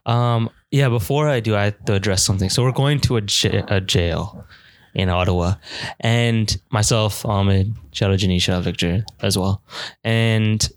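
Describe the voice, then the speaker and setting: A man's voice: lowish voice, normal speed, dry recording. A man co-hosting a podcast in casual chat, joking and teasing his friends.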